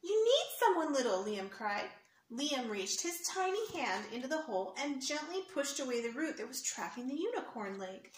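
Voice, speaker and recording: A woman's voice: high voice, big pitch swings, normal speed. A woman reading a picture book aloud to children, explaining words and pointing at the pictures, in an echoey room with faint hiss. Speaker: storyteller for children.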